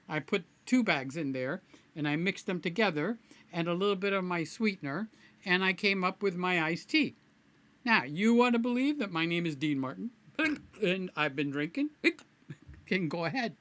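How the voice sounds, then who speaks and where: A man's voice: high-pitched, fairly bright tone, no room sound. A man hosting his own live stream, chatting casually and playfully with viewers by name in a rambling way. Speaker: livestream host.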